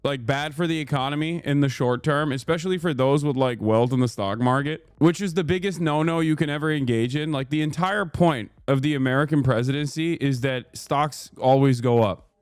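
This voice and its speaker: A man's voice: a little high, a little fast, hardly any pauses, smooth, no echo. A man in his thirties hosting a livestream, ranting in a heated, profane way with lots of fillers into a studio microphone. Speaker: livestream host. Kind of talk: casual stream chat. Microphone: studio microphone through a mixer.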